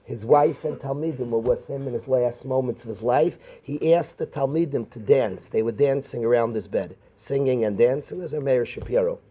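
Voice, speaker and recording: Dark-voiced rabbi quizzing his students. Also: medium pitch, normal speed, few pauses, breathy edge, rough recording. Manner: addresses students by name, questioning. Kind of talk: Torah class.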